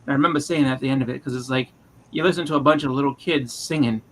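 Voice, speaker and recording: A man telling profane, animated stories in casual chat as a podcast co-host. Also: mid-range voice, fast talker, slight background noise, low-quality recording. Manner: animated, profane storytelling with impressions.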